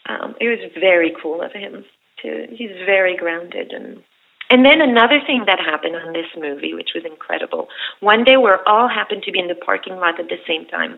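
A woman actress guest telling animated, rambling stories full of fillers. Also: on the low side, moderate pace, creaky. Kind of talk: casual storytelling. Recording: tinny phone-like sound.

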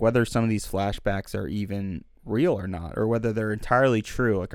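Young man, podcast co-host, reflective casual chat, low pitch. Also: a little mellow, dry recording, clean studio sound. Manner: thoughtful, reflective, long winding sentences. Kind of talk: casual film discussion.

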